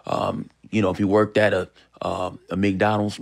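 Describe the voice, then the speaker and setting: A man's voice: sits low, level tone, moderate pace, creaky. Rambling man from Los Angeles. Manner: rambling storyteller with restarts. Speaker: actor guest. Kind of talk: casual interview chat.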